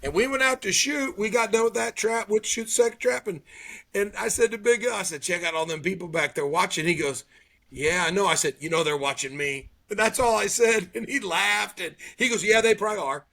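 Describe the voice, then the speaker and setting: This time his high-sitting voice is brisk and creaky. The middle-aged man tells stories casually and with animation, acting out what others said.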